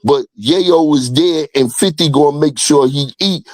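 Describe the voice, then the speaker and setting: A man's voice: fairly high pitch, unhurried, a little mellow, poor audio. A man on a casual podcast, making long rambling opinionated points.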